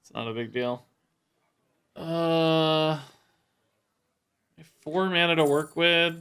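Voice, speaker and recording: A man's voice: a little high, slow pace, fairly bright tone, smooth. A man streaming live, commenting on his gameplay, thinking aloud and picking apart his own moves. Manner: thinks aloud, self-critical, repeats himself. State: sore and tired from sport. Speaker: game streamer.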